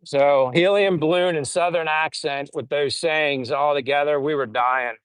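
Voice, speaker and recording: A man's voice: on the high side, fairly even intonation, a little slow, fairly bright tone, clean tone, no room sound, poor audio. Chatty middle-aged man, dry close voice. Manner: rambling, laughing at old stories. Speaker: vlogger reading live chat. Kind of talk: casual live stream chat. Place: home in the Philippines.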